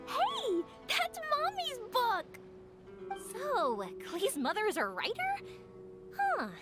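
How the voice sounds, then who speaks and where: Bubbly childlike game character, very high and bouncy, music under. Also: female voice, huge pitch swings, very slow, pauses often, exaggerated voice. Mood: excited. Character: bubbly small girl and floating companion, excitable. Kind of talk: game cutscene dialogue.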